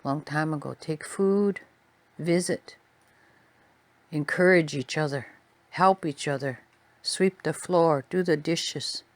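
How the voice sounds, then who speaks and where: Soft-spoken woman telling a story. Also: deep voice, no room sound. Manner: soft-spoken, quiet, unhurried.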